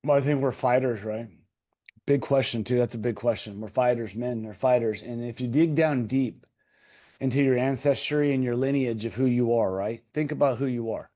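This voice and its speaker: Speaking at a moderate pace in a warm, mid-range voice, a man in his thirties recounts a raw personal story as a podcast guest. His delivery is emphatic and intense, full of repeated key phrases and swearing.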